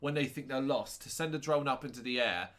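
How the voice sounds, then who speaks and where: A man's voice: medium pitch, brisk, fairly bright tone. A man co-hosting a casual film chat, sarcastic and ranty, often correcting himself mid-sentence and swearing. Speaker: co-host reviewing a film.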